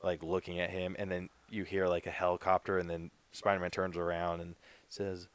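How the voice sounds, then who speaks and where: Man, low voice, casual podcast chat, laid-back, dry sound. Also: level tone, fairly quick, clean tone, no room sound. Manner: laid-back, lots of "like" and "dude". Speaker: podcast co-host.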